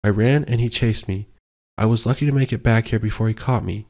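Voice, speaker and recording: A man voicing a terrified young woman who shouts accusations in an audiobook. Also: fairly low pitch, a little fast, natural voice. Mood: outraged. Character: terrified young woman supermodel fighting back.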